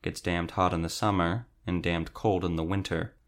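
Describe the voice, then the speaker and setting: A man's voice: low-pitched, steady tone, normal speed, voice pushed down, lightly acted. A man reading an audiobook, voicing a reserved male monster hunter who speaks tersely. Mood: gruff.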